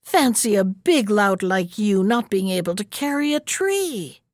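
A woman's voice: medium pitch, sing-song, unhurried, dry recording, clean studio sound. Cocky little tailor for a storybook, bragging and chirpy, as a woman puts him on. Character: boastful cheeky little male tailor.

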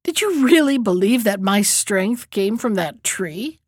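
A woman voicing a proud, boastful male dragon in a storybook reading, speaking slowly and mockingly. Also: medium pitch, animated, darkish tone, no room sound, clean studio sound.

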